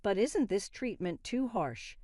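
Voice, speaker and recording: A woman's voice: medium pitch, very animated, a little slow, dark tone, no room sound, studio quality. A woman voicing an angry young husband who talks bluntly and accusingly in a storybook narration.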